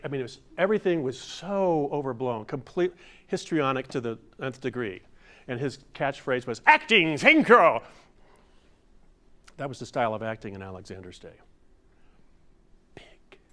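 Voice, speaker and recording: An older male presenter running a hands-on workshop, playful and demonstrative. He coaches a room full of people through movement drills and now and then bursts into mock-grand theatrical delivery. His voice sits at an ordinary middle pitch. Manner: playful, demonstrative, acts out overblown theatrical lines. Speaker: masterclass presenter. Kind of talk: workshop lesson with audience exercises. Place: room with a live audience.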